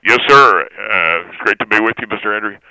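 Man putting on a dazed, halting comic guy. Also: lowish voice, vocal fry, pushed and bright, clear, resonant tone, exaggerated voice, poor audio. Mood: deferential. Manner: halting, trailing off, stumbling on words. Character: slow-talking male comic character, dazed and vague.

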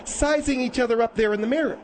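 A woman co-hosting a call-in radio show, speaking calmly and reassuringly. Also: on the high side, fast, slight background noise. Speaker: talk show co-host.

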